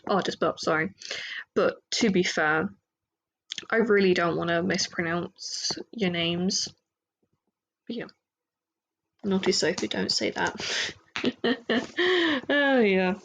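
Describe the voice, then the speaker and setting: An English woman talks through her solo podcast at an unhurried pace, her voice dipping into a gravelly fry. She rambles, fills gaps with "um" and "like", and pokes fun at herself. Her pitch sits in a middle range. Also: animated, a bit bright, poor audio. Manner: rambling, self-deprecating, many fillers. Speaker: podcast host. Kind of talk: casual solo podcast chat.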